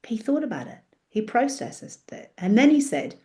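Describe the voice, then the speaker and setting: A woman's voice: on the high side, big pitch swings, moderate pace, darkish tone. A woman host talking passionately in an interview from her office, acting out her own prayers as she speaks. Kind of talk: animated faith interview chat.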